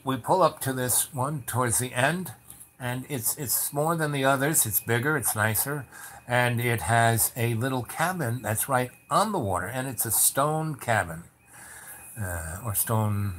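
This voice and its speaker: Man, casual storyteller, rambling with lots of fillers, animated when he acts out other people. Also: mid-range voice, slight background noise. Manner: rambling, many fillers and restarts. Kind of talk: casual spoken anecdote.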